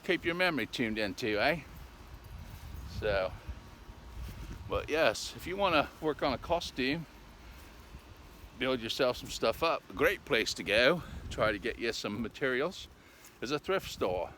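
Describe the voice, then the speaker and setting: Chatty man rambling outdoors, bright voice. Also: medium pitch, expressive, unhurried, slight background noise. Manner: chatty, folksy, ends with "eh?", puts on a mock English accent. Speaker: vlogger. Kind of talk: casual rambling vlog talk. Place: outdoors on a walk.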